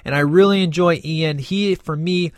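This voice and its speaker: A man's voice: a little high, moderate pace, dry recording. A man giving a casual, opinionated spoken movie review, rambling with many fillers and restarts.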